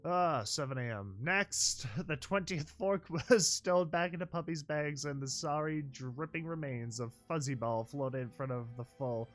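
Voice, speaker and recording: A man reading a fan fiction story aloud, animated, with joking commentary and chuckles. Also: a little high, normal speed, hardly any pauses, faint music behind. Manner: animated, joking asides, laughs mid-line. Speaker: reader and commentator.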